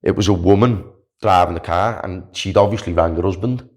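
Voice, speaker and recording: A young man, a podcast guest, telling a story in a chatty, animated way, full of "like" and "do you know what I mean". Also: low-pitched, a little fast. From Wales. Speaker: podcast guest, long-distance walker. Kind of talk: casual storytelling.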